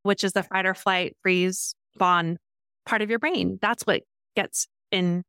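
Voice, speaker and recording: A middle-aged woman coach speaking calmly and reflectively, with many affirming murmurs. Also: medium pitch, unhurried, clean tone, no echo, studio quality. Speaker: parenting coach. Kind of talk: coaching conversation.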